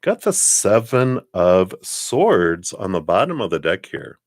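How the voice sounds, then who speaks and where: A man's voice: deep voice, very animated, takes it slowly, no room sound, studio quality. A man giving tarot readings on a live stream, rambling with many fillers. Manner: rambling, warm spiritual talk with fillers and laughs. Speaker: tarot reader.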